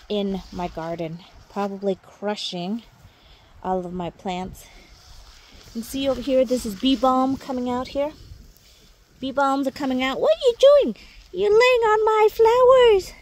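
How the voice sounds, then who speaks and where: Woman, casual gardening vlogger, a touch high-pitched, chatty and easygoing, talking outdoors. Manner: chatty, warm toward viewers, coos baby talk at her dogs. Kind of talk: casual garden walk-through vlog.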